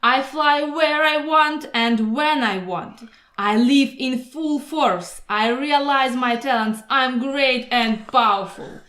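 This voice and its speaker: A woman voicing a boastful, proud male mosquito who pitches himself like a salesman, grandiose and persuasive. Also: takes it slowly, a bit bright. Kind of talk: storybook voice acting. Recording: roomy echo.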